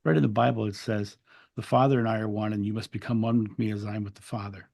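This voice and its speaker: Guy with a low raspy fry voice telling his spiritual story, earnest, kinda reflective. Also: little pitch movement, fast talker, darkish tone. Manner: earnest, reflective, repeats words as he restarts. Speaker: interview guest.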